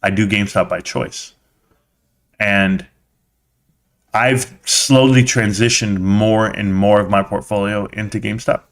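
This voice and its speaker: A man's voice: lowish voice, fairly even intonation, unhurried, pauses often. A man hosting a casual live stream, chatting with viewers as a slangy, blunt storyteller.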